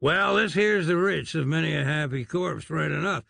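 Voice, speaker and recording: A man's voice: fairly high pitch, normal speed, pushed and bright, no echo, exaggerated voice. Man doing a gloomy drawling marshal. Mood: stern. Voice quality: rough Western drawl. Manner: stern, with dry humor.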